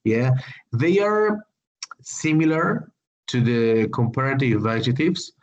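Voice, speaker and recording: This online English grammar teacher is a native Spanish speaker who moves slowly and haltingly, constantly apologizing and using filler words. He has a mid-range voice, and the recording's high frequencies are cut off.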